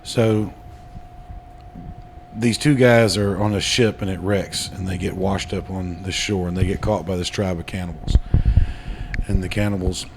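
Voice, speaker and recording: Man, low pitch, deadpan podcast joke-teller, faint background noise. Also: normal speed. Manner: dry, builds jokes to loud punchlines. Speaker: podcast co-host. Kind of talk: casual comedy podcast banter.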